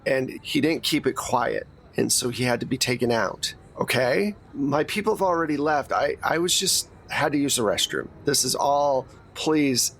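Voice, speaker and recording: A stammering hitman caught in the act, as a man puts him on in a tabletop game. He stumbles over his words and keeps trying to calm everyone down. A faint hiss sits behind him. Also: medium pitch, moderate pace, creaky, few pauses. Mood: defensive. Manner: stammering, placating.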